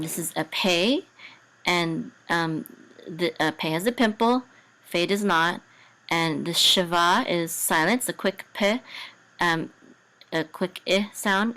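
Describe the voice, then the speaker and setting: Slow, low-voiced woman teaching. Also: fairly bright tone, rough recording. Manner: patient and methodical, with hesitant fillers and restarts. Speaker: Hebrew and Torah cantillation teacher. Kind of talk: language lesson, sounding out words syllable by syllable.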